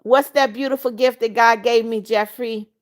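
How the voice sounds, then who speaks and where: A woman's voice: fairly high pitch, steady tone, moderate pace. Motherly older woman hosting a livestream. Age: 70s. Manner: greets viewers by name and blesses them, blunt and motherly. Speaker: livestream host. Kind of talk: casual livestream chat reading viewer comments.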